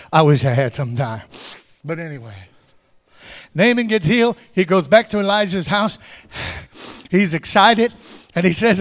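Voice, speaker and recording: A man preaching a sermon, swinging from hushed asides to shouted climaxes and calling out to the congregation. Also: a little high, normal speed. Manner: calls out to the congregation.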